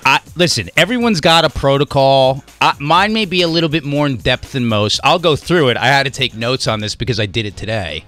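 A man co-hosting a comedy podcast, trading jokes in loose, animated banter. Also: mid-range voice, fairly quick, few pauses. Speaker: podcast co-host. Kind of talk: casual comedy chat.

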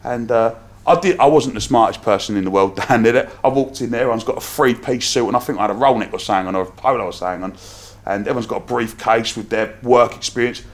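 A man in his thirties with a London accent, a podcast guest telling anecdotes in a lively, casual way. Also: mid-range voice, quick pace, hardly any pauses. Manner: lively anecdotes with acted-out quotes, frequent laughs. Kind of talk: casual storytelling.

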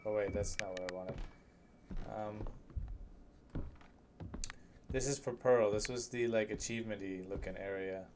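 A man's voice: fairly low pitch, slight background noise. A young man streaming a horror game, chatting nervously and jokingly with his viewers at a desk microphone in a home room. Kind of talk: live gameplay commentary.

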